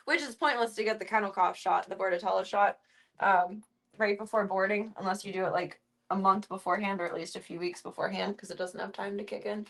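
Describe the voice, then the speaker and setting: A woman's voice: mid-range voice, fast talker, fairly bright tone, rough recording. A young woman streaming casual chat, talking freely with casual swearing. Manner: chatty, swears casually, coos in baby talk to her cats.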